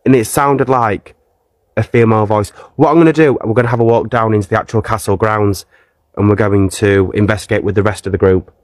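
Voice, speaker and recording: A man's voice: lowish voice, dry recording, studio quality. Earnest man hosting a ghost hunt. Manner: earnest and coaxing toward the spirit, chatty with viewers. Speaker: ghost-hunting livestream host. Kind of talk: live paranormal investigation, talking to a spirit and viewers. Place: castle grounds. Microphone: handheld phone streaming live.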